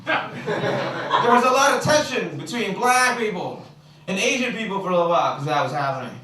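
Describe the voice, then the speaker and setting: Young man from the Philippines, high and lively stand-up comic, roomy distant club sound. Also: normal speed. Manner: animated, shouting punchlines, crowd work. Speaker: stand-up comedian. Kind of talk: stand-up comedy set. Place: comedy club stage. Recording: echoey club recorded from far off with noise.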